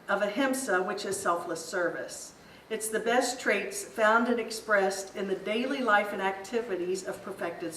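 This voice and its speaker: A woman's voice: mid-range voice, a bit bright. A woman giving an informal spiritual talk to a group in a meeting room, telling stories in a chatty way and laughing easily. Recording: roomy echo, distant mic, faint hiss.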